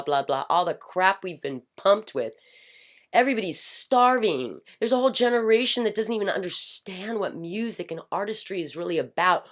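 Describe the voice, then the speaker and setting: A middle-aged woman with a lowish voice, a spiritual commentator, delivers a passionate personal monologue. Fervent and emphatic, she repeats chant-like phrases, swinging from loud declarations to hushed whispers.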